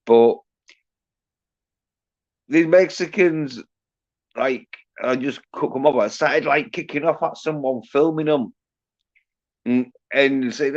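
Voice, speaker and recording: A man's voice: medium pitch, a little slow, dull audio. A man hosting a livestream, ranting in a rambling, boastful way with constant swearing. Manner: profane, boastful, laughs at own jokes. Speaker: livestream host.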